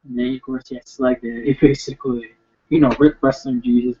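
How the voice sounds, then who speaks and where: A man's voice: mid-range voice, little pitch movement, a little fast, a little mellow, slightly rough. A young man hosting a video and rambling bluntly and profanely through viewer questions, with many fillers. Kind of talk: casual rambling chat. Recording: lo-fi dull sound.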